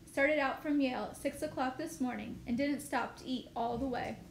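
A woman reading aloud, voicing an eager, proud young male soldier who rushes his words and loses his temper quickly. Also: high-pitched, creaky. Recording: echoey room, faint noise.

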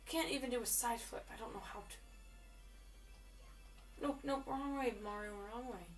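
A woman giving live commentary while she plays a game, chatty and excitable, often repeating words in quick bursts. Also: on the high side, distant mic, soft background music. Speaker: gamer.

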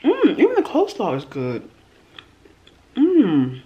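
A woman's voice: fairly high pitch, huge pitch swings, slow, highs cut off. A woman hosting a mukbang eating vlog, murmuring "mmm" between bites and gushing over the food in a shy, casual way. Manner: self-described shy. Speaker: mukbang host.

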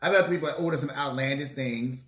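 Animated storytelling man, echoey room. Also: medium pitch, fast. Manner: animated, acts out quotes, swears freely. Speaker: mukbang vlogger. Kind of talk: casual storytelling to camera.

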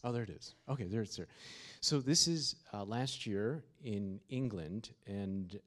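Low-voiced man preaching a sermon. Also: expressive, measured pace, a bit bright. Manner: storytelling, rising to emphatic fervor. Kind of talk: sermon with opening prayer. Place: university chapel or hall.

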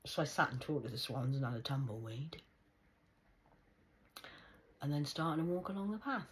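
Very husky woman, half-whispering. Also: low-pitched, expressive, moderate pace, poor audio. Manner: drifts between hushed whispers and sudden loud outbursts; swears freely, conspiratorial tone. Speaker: vlogger. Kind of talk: rambling monologue to camera.

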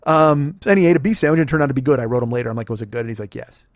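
A man's voice: mid-range voice, rapid-fire, no room sound. A man in his forties hosting a podcast, telling rambling, profane comic stories with lots of restarts. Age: 40s. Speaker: podcast host. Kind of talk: casual comedic storytelling.

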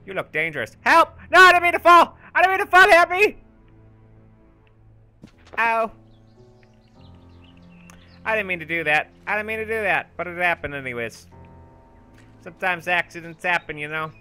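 A man giving goofy, boastful let's-play commentary, shouting when excited, with game music behind. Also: a little high, smooth. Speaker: gaming channel host.

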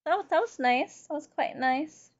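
High-voiced woman cursing through a game stream. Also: lively intonation, moderate pace. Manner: profane, laughing, loud outbursts. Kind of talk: casual gameplay commentary chatting with viewers. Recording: dull lo-fi stream audio with faint music.

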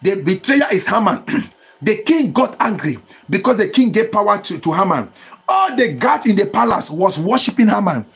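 Male pastor, impassioned sermon with tongues, high animated voice with a rough edge. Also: moderate pace. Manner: preaching with call-and-response and bursts of tongues.

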